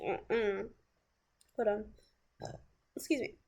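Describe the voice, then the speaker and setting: A woman's voice: mid-range voice, slow, mellow. A woman vlogger telling a personal story in a casual, candid way, often stopping to restart her sentences. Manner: casual and candid, breaks into laughs and sighs, restarts. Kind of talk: storytime vlog.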